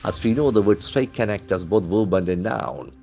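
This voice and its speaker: A mellow, lowish-voiced English trainer speaks at a moderate pace with animated delivery, faint music behind him. He picks vocabulary from the newspaper, spells it out letter by letter, and methodically explains pronunciation and meaning.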